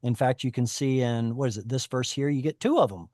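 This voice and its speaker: A man with a mid-range, darkish voice speaks fairly quickly while teaching a Hebrew reading class over a video call. He's chatty, explains at length, and keeps correcting himself. The sound is clean studio quality with no room sound.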